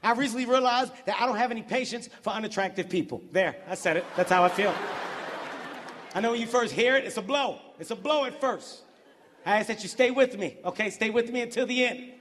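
Brash high-voiced man doing stand-up. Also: brisk, big-room sound. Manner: brash, profane, animated storytelling with shouted outbursts. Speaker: stand-up comedian. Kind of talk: stand-up routine. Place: large venue with audience.

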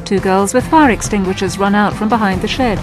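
A woman's voice: mid-range voice, a little fast. A woman giving matter-of-fact audio description of a film in scripted narration. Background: film music.

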